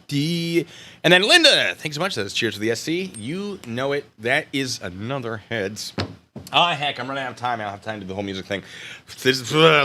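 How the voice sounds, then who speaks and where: An American man hosting a casual live stream, joking and chatting with viewers in an animated way that swings between loud bursts and mumbled asides. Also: medium pitch.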